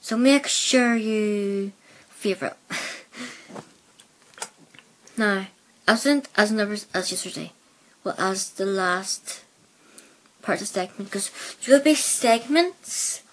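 Slow, hesitant woman with Belfast-Plymouth accent. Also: medium pitch, fairly bright tone. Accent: mixed Belfast and Plymouth. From Northern Ireland. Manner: hesitant, filler-heavy rambling. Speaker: podcast host. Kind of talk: casual solo podcast chat. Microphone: headset.

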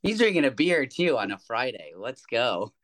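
A man's voice: medium pitch, sing-song, moderate pace, fairly bright tone. A man joining a casual podcast as a guest, talking in an upbeat, cheering way.

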